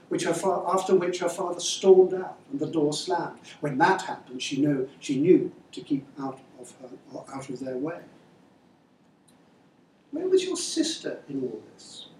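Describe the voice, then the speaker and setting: A man reading his novel aloud in a measured, wry way, then answering interview questions. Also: fairly high pitch, a little mellow, a little hiss or hum. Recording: echoey room, far-off mic, faint ambience.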